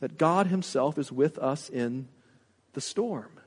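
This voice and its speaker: A man's voice: mid-range voice, animated, takes it slowly, slightly rough. A man preaching a sermon as a pastor, earnest, with rhetorical questions to the congregation and frequent restarts. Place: church sanctuary. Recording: long reverb of a large hall.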